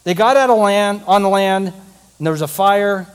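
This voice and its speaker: An animated male preacher with a fairly high voice tells a story and acts out its scenes. He talks straight to the audience in a storytelling sermon style. His voice rings with long hall reverb. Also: moderate pace, clean tone.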